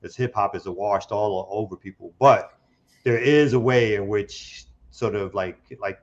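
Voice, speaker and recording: A man's voice: lowish voice, unhurried. A man co-hosting a casual talk show, speaking in a loose, slangy way with frequent restarts and asides. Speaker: co-host. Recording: dull lo-fi sound.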